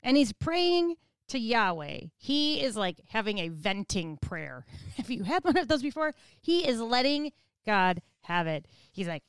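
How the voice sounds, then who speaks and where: Woman Bible teacher, smooth voice, a bit high, chatty, animated. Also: unhurried, no room sound. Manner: chatty, laughs often, animated paraphrase.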